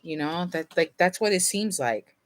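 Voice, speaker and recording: With a mid-range, lively voice at normal speed, a tarot reader does a casual reading to camera. Sleepy and yawning, they ramble with fillers and small laughs, sometimes reading card meanings aloud from a guidebook.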